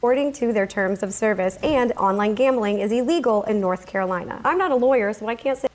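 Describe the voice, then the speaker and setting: A woman's voice: medium pitch, lively intonation, fast, darkish tone, slight background noise. A woman in a video clip giving casual, matter-of-fact commentary.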